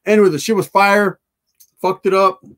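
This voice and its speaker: A man's voice: high-pitched, steady tone, moderate pace, a bit bright. A man telling a profane, slangy street story to his live chat.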